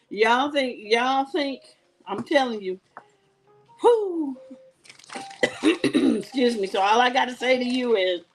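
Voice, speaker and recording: A woman hosting a live jewelry sales show, chatting and laughing as she tells stories between items. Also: fairly high pitch. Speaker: live shopping show host.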